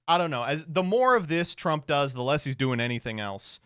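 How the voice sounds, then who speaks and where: A man's voice: fairly high pitch, lively intonation, normal speed, fairly bright tone, smooth, no echo, clean studio sound. A man streamer giving casual reaction commentary, sardonic and profane, laughing often.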